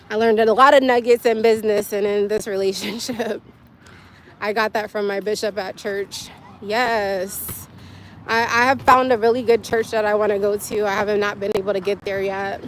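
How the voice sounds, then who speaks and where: A woman's voice: mid-range voice, fairly even intonation, moderate pace, a little hiss or hum. A young woman hosting a casual livestream from her phone, talking candidly with viewers in a rambling way and laughing often. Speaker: livestream host. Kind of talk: casual live-stream chat with viewers.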